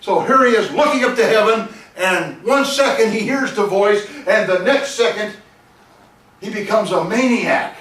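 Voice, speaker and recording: A man teaching a Bible class, chuckling and animated as he tells the story and reads scripture aloud. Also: high voice, moderate pace. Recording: echoey room, voice from a distance.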